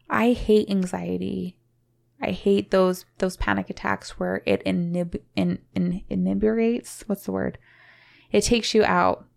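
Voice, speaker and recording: A young adult woman co-hosting a podcast, talking casually in a rambling, emotional way with halting restarts. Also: medium pitch, gravelly. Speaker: podcast co-host.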